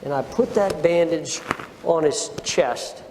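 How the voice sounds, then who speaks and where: Slow, emphatic older man in a reverberant room. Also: on the high side, background noise. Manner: slow, deliberate, emphatic retelling with repetitions. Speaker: former Marine officer recounting combat. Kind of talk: oral history storytelling.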